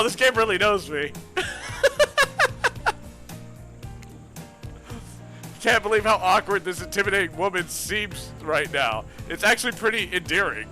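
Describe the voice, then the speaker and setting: Excitable male streamer, higher-pitched, bright and sharp, jokey reactions to the game, faint game music behind. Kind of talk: reading a dating game aloud on stream.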